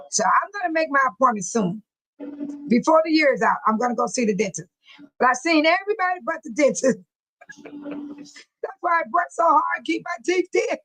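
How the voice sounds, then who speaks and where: High-voiced woman hosting a casual stream. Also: a bit bright, low-quality recording. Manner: chatty, laughing often, colloquial storytelling. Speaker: live stream host. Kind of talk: casual chat with viewers.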